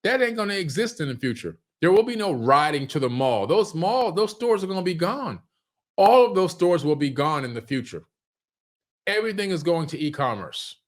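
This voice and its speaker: A man giving casual business advice at home, talking loosely with restarts and clearing his irritated throat. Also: a little high, big pitch swings, normal speed. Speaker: online business coach. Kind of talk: casual monologue. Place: home room.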